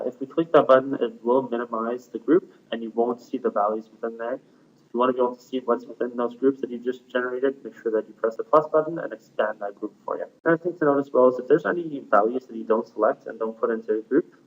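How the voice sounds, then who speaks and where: A man walks through a software tutorial one step at a time in a plain, unhurried way, dropping in frequent fillers. His voice sits at an ordinary middle pitch. The audio is thin and tinny, as if it came down a phone line. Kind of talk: screencast software walkthrough.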